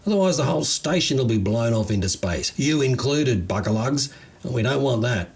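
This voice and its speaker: A man's voice: mid-range voice, animated, fairly quick, gravelly, a little mellow, breathy edge, voice pushed up, full character voice. A man voicing an easygoing, unflappable Australian gardener with a drawling, slangy way of talking. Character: laid-back Australian gardener, unflappable bloke.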